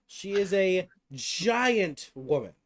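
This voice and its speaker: A man's voice: high-pitched, very animated, slow, fairly bright tone. A man narrating as game master in a tabletop game, teasing his players and swearing casually.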